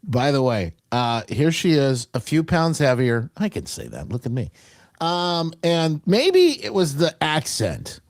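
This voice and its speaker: A male talk show host with a fairly high voice delivers opinionated political commentary a little slowly. His manner is mocking and animated, full of trailing restarts, and the studio-quality audio has no room sound.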